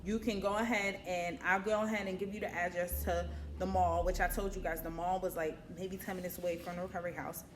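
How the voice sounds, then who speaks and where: A young woman vlogger telling a casual storytime, animated, swearing and acting out her own panicked quotes. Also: lowish voice, brisk, hardly any pauses, a little hiss or hum.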